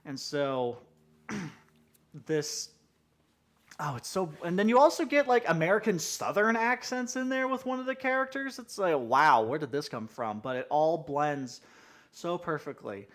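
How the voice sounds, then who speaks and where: Sex: man. Role: podcast host. Style: casual chat. Pitch: a little high. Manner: rambling, questioning. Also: big pitch swings, measured pace, a bit bright. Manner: leads with questions, rambling restarts.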